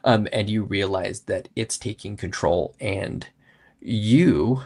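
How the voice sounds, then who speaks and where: A man running a tabletop game as game master, halting with many fillers. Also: fairly low pitch. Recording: live stream audio.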